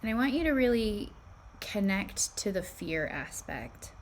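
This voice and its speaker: A woman teaching spirituality, leading listeners through a guided visualization with calm, reflective questions. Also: medium pitch, measured pace, slight background noise.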